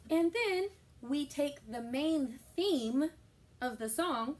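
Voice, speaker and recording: A woman teaching a recorded music lesson for young children, explaining terms slowly and patiently. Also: sits high, animated, darkish tone, far from the mic, slight background noise.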